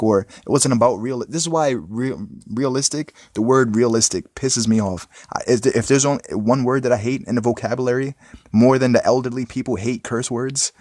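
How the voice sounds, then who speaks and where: A man's voice: medium pitch, fairly quick, darkish tone, no echo, clean studio sound. A young man talking into his smartphone in a rambling, casual motivational monologue, often asking "you know what I'm saying?". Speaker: vlogger.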